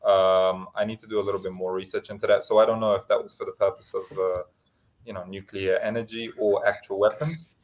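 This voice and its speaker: A man co-hosting a casual podcast chat over a call, talkative and quick to argue. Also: on the low side, level tone, poor audio. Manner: chatty, jokey, quick to argue. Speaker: podcast co-host.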